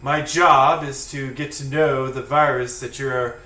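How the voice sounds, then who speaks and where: A man's voice: mid-range voice, steady tone, unhurried, sharp tone. A man voicing a prim, well-mannered male immune cell who speaks formally and stammers his reassurances. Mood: courteous. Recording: echoey, distant mic.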